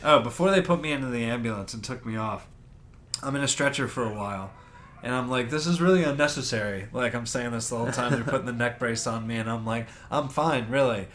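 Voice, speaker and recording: A man's voice: mid-range voice, fairly even intonation, fast, fairly bright tone. Brief: male podcast co-host, casual storyteller, swears freely, mid-range voice, slight background hiss. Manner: profane, acts out other people's lines.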